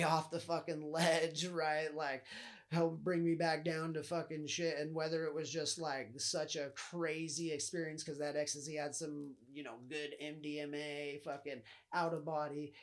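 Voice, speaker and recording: Young guy rambling through his own story on his podcast, cusses a lot, voice a bit on the high side. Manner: profane, loose, rambling, heavy on fillers. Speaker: podcast host. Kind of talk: casual storytelling monologue.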